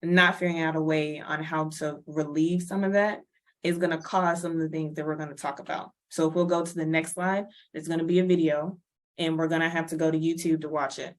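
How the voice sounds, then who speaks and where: In a casual lecture, a woman with a deep voice and flat, brisk delivery presents a wellness workshop. She's chatty, laughs often and acts out little everyday scenes.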